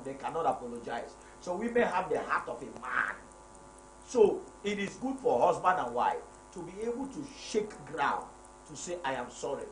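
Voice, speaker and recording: A middle-aged man hosting a live marriage program as a pastor, reading viewer comments and repeating his points emphatically. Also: on the high side. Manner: emphatic, repeats key phrases, preacherly. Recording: echoey room with faint noise.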